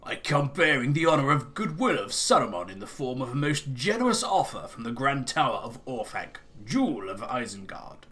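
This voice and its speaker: A man voicing a smooth-talking emissary in a game, with a put-on accent and a formal, persuasive manner. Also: mid-range voice, sing-song, normal speed, hardly any pauses, bright, forceful tone. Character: smooth-talking male emissary of a dark wizard. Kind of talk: reading game dialogue aloud in character.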